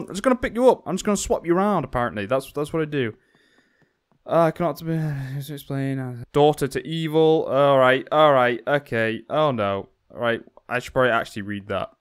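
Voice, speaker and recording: A man's voice: mid-range voice, moderate pace, long pauses, smooth. A young man commentating a horror game as he plays, talking to himself and jumping into panicked screams. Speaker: gaming YouTuber.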